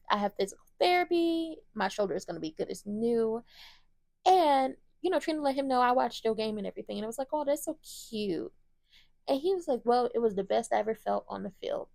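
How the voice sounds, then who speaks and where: A woman's voice: a little high, gravelly, warm tone, dry recording, clean studio sound. A woman hosting a casual soap opera recap, blunt and opinionated, swearing freely as she retells scenes in quoted lines.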